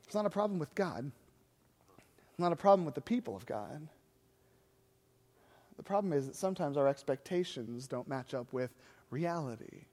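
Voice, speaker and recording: A man's voice: a little high, expressive, moderate pace, pauses often, darkish tone, long reverb tail. A man preaching a sermon as a pastor, telling the story in a conversational way and acting out the voices of the people he quotes.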